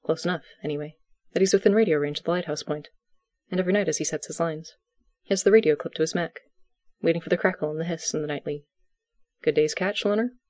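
A narrator reading fiction aloud in a calm, even, unhurried way. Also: medium pitch, no room sound.

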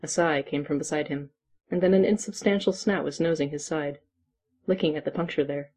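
A narrator reading a story aloud in a steady, even way. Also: medium pitch, brisk.

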